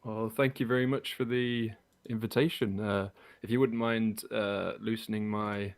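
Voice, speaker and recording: A man's voice: lowish voice, fairly even intonation, moderate pace. A man playing a tabletop game in character, with a cocky, evasive manner. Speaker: player.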